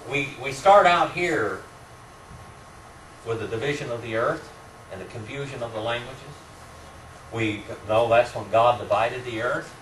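A man with a mid-range voice leads a church Bible class, speaking a little slowly with frequent pauses. He quizzes the class, chuckles often, and teases warmly. A distant room mic captures it in a roomy amateur recording with faint hiss.

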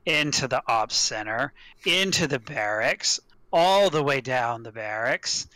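A man's voice: mid-range voice, sharp tone, no echo. A man voicing a blunt, battered female ex-prisoner. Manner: blunt, dry, plain-spoken.

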